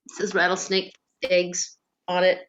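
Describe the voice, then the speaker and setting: A woman telling family stories in a casual, animated way, quoting relatives as she goes. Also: on the low side, a little slow. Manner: animated, laughing, quoting others.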